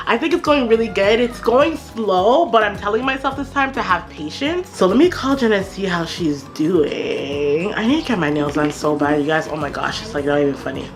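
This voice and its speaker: A woman's voice: mid-range voice, lively intonation, moderate pace, hardly any pauses, music in the background. A woman vlogger chatting animatedly and retelling a story for her viewers. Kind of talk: storytime vlog.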